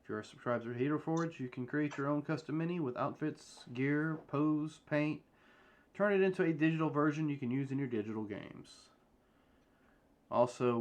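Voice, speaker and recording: A man giving casual announcements at the start of a live-streamed tabletop game, rambling with many fillers. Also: medium pitch. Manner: rambling, filler-heavy delivery.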